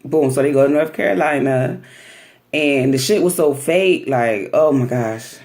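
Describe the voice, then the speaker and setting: A woman vlogger casually recapping a reality TV episode in slangy, animated talk, often acting out what people said. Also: extremely low pitch, a little slow.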